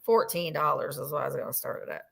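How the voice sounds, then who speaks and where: A woman's voice: deep voice, fast talker, vocal fry, husky. A middle-aged woman hosting a live vintage sale, chatting casually and gushing as she describes each item at length.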